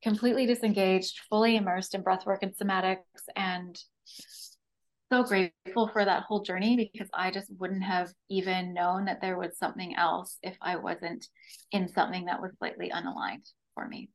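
A woman's voice: mid-range voice, steady tone, moderate pace, poor audio. A woman with a Canadian accent, a breathwork facilitator telling her personal story as a podcast guest, acting out her own past words.

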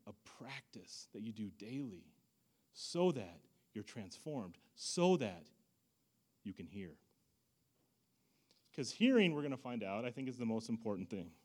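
A man preaching a sermon as a pastor, swinging from loud emphasis to hushed asides in a conversational, self-deprecating way. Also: medium pitch.

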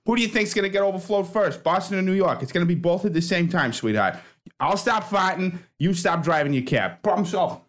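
A brash man sparring in a comedy debate, combative and cocky, calling everyone sweetheart. His voice sits a little high for a man. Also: lively intonation, brisk. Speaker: debater for Boston.

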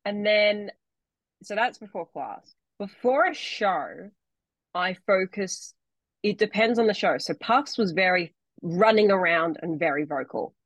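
A young woman co-hosts a podcast, chatting casually and rambling with plenty of fillers. Her medium-pitched voice is expressive and measured in pace, and there's no echo.

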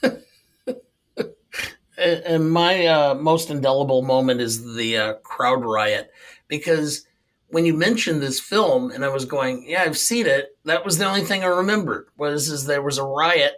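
A man's voice: on the high side, a little slow, a bit bright. A man co-hosting a podcast in a casual movie review chat, talking in a wry, incredulous way and chuckling often. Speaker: podcast co-host.

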